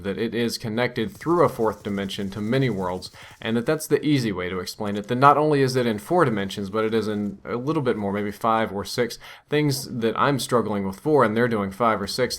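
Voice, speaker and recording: A man's voice: on the low side, fairly quick, few pauses. A young man telling a strange dream over gameplay as a channel host, musing and wondering aloud.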